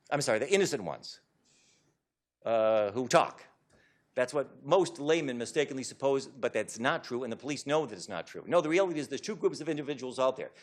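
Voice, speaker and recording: A man giving a public talk to an audience as an author, lecturing in an emphatic, animated way. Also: on the high side.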